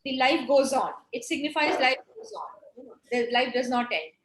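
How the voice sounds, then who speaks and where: A woman lecturer talks through ideas with frequent restarts and fillers. Her voice sits high, and the room adds a clear echo. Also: moderate pace, a bit bright. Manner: explanatory, many fillers and restarts. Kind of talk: online lecture with Q&A.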